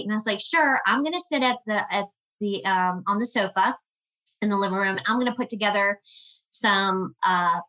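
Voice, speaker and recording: A woman guest on a podcast, telling a personal story in an earnest, emotional way with halting restarts. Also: mid-range voice, bright, forceful tone, low-quality recording.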